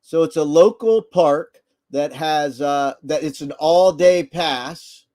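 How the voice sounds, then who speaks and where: A middle-aged grandfather co-hosting a casual livestream chat, telling animated family stories and acting out voices. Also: a little high, slow pace. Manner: animated storyteller who acts out voices. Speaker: livestream co-host.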